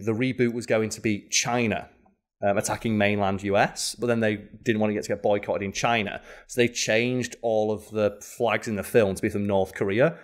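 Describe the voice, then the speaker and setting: A man co-hosting a podcast, chatting casually and rambling with many fillers and restarts. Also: on the low side. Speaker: podcast co-host. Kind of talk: casual chat.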